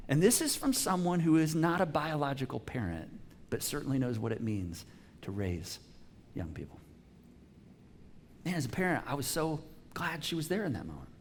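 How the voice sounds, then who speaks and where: A man in his forties, a pastor giving a casual, story-driven sermon that sinks to soft, hushed tones at tender points. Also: fairly high pitch, sing-song, normal speed, pauses often, slight background noise. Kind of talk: conversational sermon.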